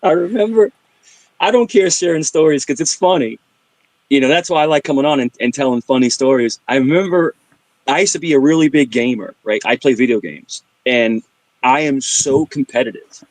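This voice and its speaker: Middle-aged man, animated storyteller who does sound effects and shifts voices; dry close mic, mid pitch. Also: a little fast, dry recording. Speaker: livestream guest. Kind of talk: casual chat, storytelling.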